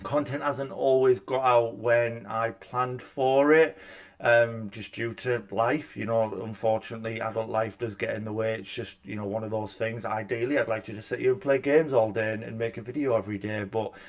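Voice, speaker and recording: A man's voice: mid-range voice, steady tone, moderate pace. Chatty self-mocking man. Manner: chatty, self-deprecating, many restarts. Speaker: gaming YouTuber. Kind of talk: casual reaction vlog. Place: room at home by a window. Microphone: desk microphone.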